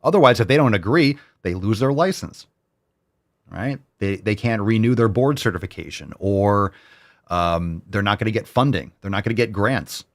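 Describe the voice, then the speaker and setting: A man's voice: lowish voice, expressive, moderate pace. A man hosting a solo commentary show, ranting in a heated, sarcastic, profane way and repeating phrases for emphasis. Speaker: podcast host.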